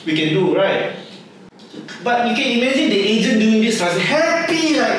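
A man's voice: very high-pitched, animated, normal speed, fairly bright tone, slight background noise. Chatty Singaporean man in an echoey room. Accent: Singaporean English. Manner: chatty, joking, Singlish particles. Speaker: property agent and livestream host. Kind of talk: casual livestream Q&A. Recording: very echoey room, distant mic.

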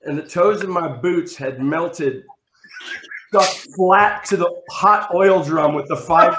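A man telling a rambling, self-mocking comic story over a video call, acting out other people with big shouts. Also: a little high, slow, echoey room, noisy background. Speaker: storyteller on a comedy show.

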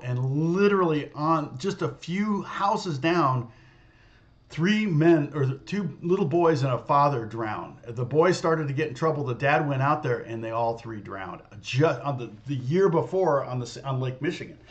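A man's voice: a little high, dull audio. A man telling a personal story in a casual, rambling way, full of restarts and fillers. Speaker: guitar teacher.

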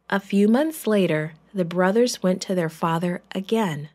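A woman narrating a children's Bible story in a gentle, clear, deliberate way. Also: on the low side.

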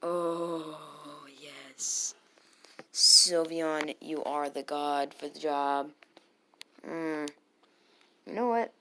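A woman narrates her own gameplay in an unhurried, slightly low voice, mostly muttering to herself. Her excitement spikes now and then into loud cheering. A faint hiss of noise sits under the recording. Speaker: gamer commentating own battles. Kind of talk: casual gameplay commentary.

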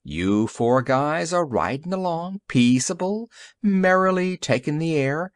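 A man voicing a bitter, gruff police detective in an audiobook story, growling and sarcastic. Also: a little high, lively intonation, a little slow, no echo, studio quality, pitched above the performer's own voice.

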